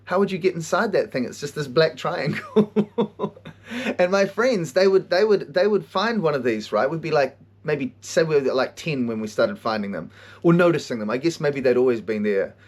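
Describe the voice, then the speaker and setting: A man hosting a podcast, telling stories in an animated way, swearing a lot and often laughing. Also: on the high side, normal speed. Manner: animated storytelling, heavy swearing, frequent laughter. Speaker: podcast host and counselor. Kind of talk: casual monologue.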